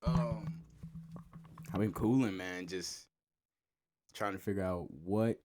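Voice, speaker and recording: A man's voice: low voice, takes it slowly, crowd noise. A man guesting on a podcast as a musician, joking around in heavy slang and laughing often. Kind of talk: casual chat.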